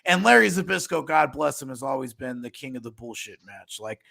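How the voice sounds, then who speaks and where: A man's voice: mid-range voice, animated, fairly quick, gravelly, bright, forceful tone. A man co-hosting a wrestling podcast, giving blunt, profane opinions in casual chat. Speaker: podcast co-host.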